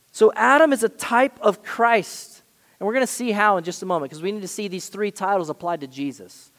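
A pastor with a high voice preaches a sermon in a large hall. He's emphatic, swinging between loud stresses and quiet asides.

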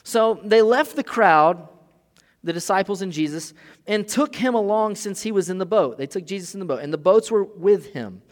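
A man delivers a sermon, his voice a touch higher than most men's. He slips into loose, casual asides, then climbs to loud, emphatic peaks when he reads scripture. A long reverb hangs on every word, as in a large sanctuary. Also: expressive, moderate pace. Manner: casual asides with filler and restarts. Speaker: pastor.

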